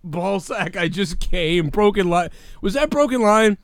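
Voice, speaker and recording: A man co-hosting a live-streamed show, loud and excitable, yelling and laughing at donations, out of breath. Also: sits high, unhurried, creaky, no echo, studio quality. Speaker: podcast co-host. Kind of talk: rowdy live-stream chat.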